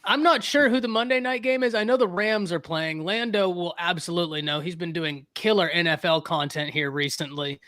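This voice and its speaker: A man hosting a casual sports talk show, animated and joking, repeating phrases for emphasis. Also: high-pitched, a little fast, hardly any pauses.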